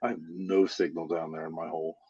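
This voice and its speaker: A man on a podcast joking in a deadpan, self-mocking way. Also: sits low, fairly quick, breathy edge, muffled recording. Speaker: podcast co-host. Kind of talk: joking casual chat.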